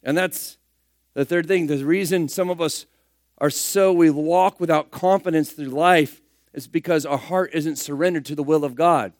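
A man preaching a sermon, firing rhetorical questions and swinging between loud emphatic bursts and hushed asides. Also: on the high side, normal speed, no room sound, studio quality.

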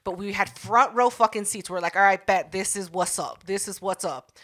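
A woman's voice: mid-range voice, normal speed, fairly bright tone. A woman co-hosting a podcast, swearing freely and laughing often as she tells a story in casual chat. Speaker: podcast co-host.

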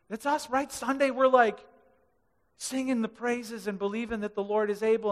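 A man preaching a sermon to a congregation, animated, acting out quoted voices and swinging from loud to hushed. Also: sits high, brisk, big-room sound. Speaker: pastor. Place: large church hall.

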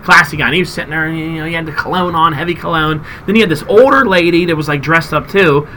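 A man's voice: on the high side, fast talker, slight background noise, rough recording. A man hosting a podcast, telling a story in casual chat and acting out the people in it. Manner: animated storyteller, acts out quotes. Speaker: podcast host.

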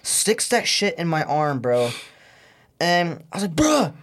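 Animated young man telling a story. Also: on the high side, measured pace. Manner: animated storyteller, acts out other voices, heavy swearing. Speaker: podcast guest. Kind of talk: casual chat.

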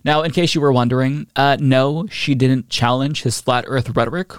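A man's voice: mid-range voice, fairly even intonation, moderate pace, clean tone, no room sound. Guy doing political commentary, sarcastic, dry close sound. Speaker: commentary show host.

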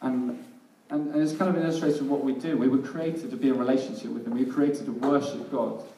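A man's voice: medium pitch, quick pace, dark tone. A man preaching a sermon in a casual, self-deprecating way, often laughing at himself. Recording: echoey hall, mic at a distance.

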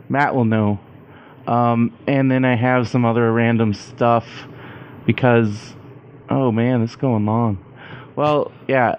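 A man hosting a short casual segment, rambling and upbeat with plenty of fillers. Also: medium pitch. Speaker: podcast segment host. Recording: dull, lo-fi, faint hiss.

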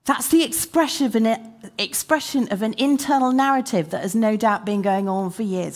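A woman preaching a sermon, acting out quoted prayers and questions with rising energy, then dropping to a quiet, earnest tone. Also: on the high side, normal speed. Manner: animated, acts out quoted prayers with rising intensity.

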